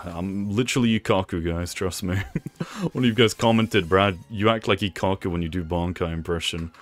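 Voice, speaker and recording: A man's voice: low-pitched, normal speed. A young man giving live commentary over his own gameplay, playfully teasing his opponent with mock complaints. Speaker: gaming video creator.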